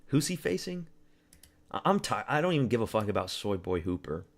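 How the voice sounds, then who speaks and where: A young man from Canada streaming live, rambling loosely and swearing freely as he mocks fighters and talks back to his chat. His voice sits a little low and easy. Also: very animated, quick pace.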